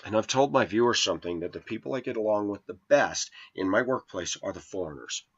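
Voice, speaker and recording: A man's voice: on the low side, animated, a little fast, breathy edge, highs cut off. A man in his forties telling a rambling personal story in an indignant, preachy way to his viewers. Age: 40s. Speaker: vlogger.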